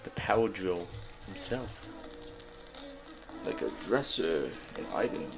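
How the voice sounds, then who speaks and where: A man's voice: deep voice, lively intonation, takes it slowly, music in the background. Jittery man narrating a horror game. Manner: jittery, swearing, yells when startled. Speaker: gaming YouTuber. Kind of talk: horror game let's play commentary.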